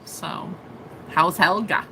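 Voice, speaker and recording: A woman's voice: fairly low pitch, slow, pushed and bright, a little hiss or hum. A woman, a psychic reader, telling a story in a casual vlog. She giggles a lot, talks animatedly and swears freely.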